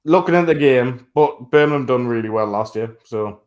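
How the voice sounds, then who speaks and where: Man, sports podcast co-host, blunt and sweary, mid-pitched voice, big laughs. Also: normal speed, a little mellow. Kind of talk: casual sports chat.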